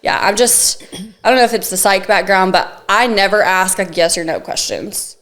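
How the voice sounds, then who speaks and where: A woman's voice: medium pitch, moderate pace, a bit bright. A woman co-hosting a casual podcast, explaining her work step by step and laughing often. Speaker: podcast co-host, real estate agent. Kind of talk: casual chat.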